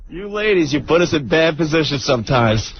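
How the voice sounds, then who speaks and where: A man's voice: a little high, lively intonation, a little fast, husky. A male radio co-host chiming in with brief reactions and laughter, on a muffled radio broadcast. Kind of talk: talk radio banter. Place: radio studio.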